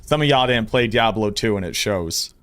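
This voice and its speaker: A man streaming, giving casual commentary in a blunt, excitable way and swearing freely. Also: fairly low pitch, moderate pace, dry recording.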